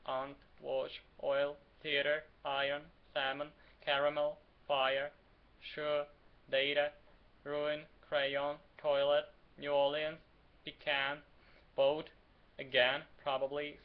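A young man from Ukraine with a Ukrainian accent, casually reading a word list and answering questions in a self-mocking way for his vlog. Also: fairly high pitch. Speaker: vlogger. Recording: dull lo-fi home recording.

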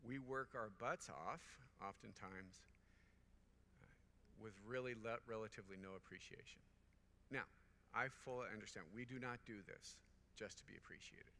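A man's voice: medium pitch, moderate pace, sharp tone, in a large hall. A middle-aged man, a priest, preaching a conference homily to fellow priests in an earnest, repetitive cadence, telling anecdotes. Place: large conference hall.

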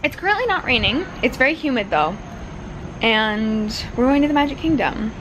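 A young woman vlogging a theme park day outdoors on a handheld camera, bubbly and squealing with excitement. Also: a little high, moderate pace, muffled recording, noisy background. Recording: busy crowd and music behind. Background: crowd and music.

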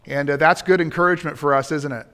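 The pastor speaks fast in a fairly high, fairly bright voice with fairly even intonation. Preaching in a church sanctuary, he works up to emphatic points and turns aside to speak to the congregation.

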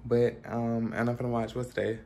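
This young vlogger's voice is medium-pitched, a little fast, and creaky, with slight hiss or hum. Filming himself on a tripod camera at home in his apartment, he chats and swears freely to viewers while suffering food poisoning and a sore, bitten tongue.

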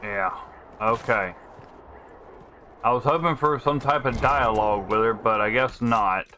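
A man's voice: mid-range voice, measured pace, bright, forceful tone, a little hiss or hum. A man casually commentating his gameplay, thinking aloud in a laid-back way. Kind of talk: casual let's-play commentary.

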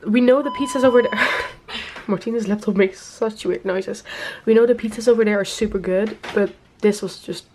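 A woman's voice: mid-range voice, steady tone, normal speed, a little mellow, a little hiss or hum. A young woman talking casually to her camera as a vlogger, chatty and self-deprecating with frequent giggles. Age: young adult. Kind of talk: casual vlog chat.

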